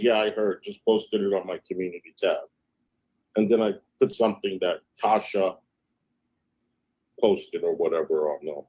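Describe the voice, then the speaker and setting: A man's voice: fairly low pitch, a little mellow, breathy edge, poor audio. A man hosting a casual livestream, reading out text message exchanges in a chatty, gossipy retelling. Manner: frequent fillers, "I said, she goes" storytelling. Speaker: livestream host.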